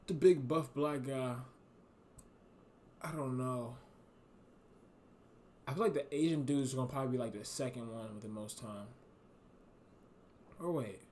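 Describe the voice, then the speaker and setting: A man talks over a video he is watching live. His commentary is loose, slangy and animated, and he thinks out loud as he goes. His pitch sits in an ordinary middle range, with a faint hiss of noise under the recording. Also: unhurried, long pauses. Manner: animated, slangy, speculating aloud. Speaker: streamer reacting to a video. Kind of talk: casual live-stream commentary.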